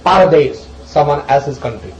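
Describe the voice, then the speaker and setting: A man teaching a group as he explains scripture verses, animated and emphatic, swinging between loud questions and soft asides. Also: fairly high pitch, takes it slowly, reverberant, muffled recording, a little hiss or hum. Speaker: spiritual teacher.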